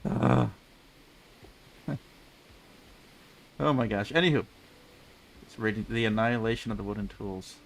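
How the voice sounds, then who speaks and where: A man's voice: on the low side, a little slow, creaky, long pauses, slight background noise. A man casually rambling through live gameplay commentary, chatty and self-mocking, speaking into a desk mic with a pop filter. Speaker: game streamer.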